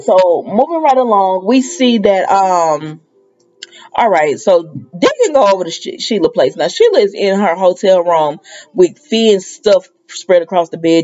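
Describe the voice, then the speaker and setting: A woman's voice: medium pitch, a little mellow, lo-fi sound. A woman giving a casual, opinionated recap of a soap opera episode, retelling the scenes and quoting the characters' lines as she goes.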